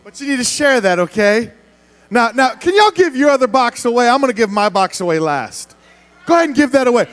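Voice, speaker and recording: Youth pastor guy, high voice that jumps all over, playful and loud with the kids. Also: big pitch swings, brisk. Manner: playful, loud crowd-wrangling, often shouting. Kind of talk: youth ministry sermon.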